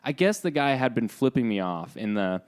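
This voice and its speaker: A young man co-hosting a podcast, telling a story in a loose, animated way with lots of fillers and acted-out lines. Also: medium pitch, brisk, clear, resonant tone. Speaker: podcast co-host. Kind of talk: casual storytelling.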